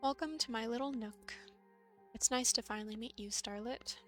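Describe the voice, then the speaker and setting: A gracious, knowing older woman, voiced by a woman reading a story game aloud. She speaks gently and politely, never rushing, in a slightly high voice, with faint music playing behind. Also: close to an everyday voice.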